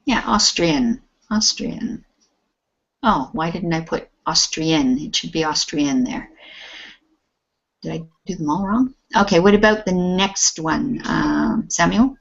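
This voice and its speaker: A woman teacher with a slightly low voice speaks slowly and patiently, encouraging her students one by one. Her voice comes through a muffled, lo-fi video call. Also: vocal fry, slightly rough. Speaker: English teacher. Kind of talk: online class teaching.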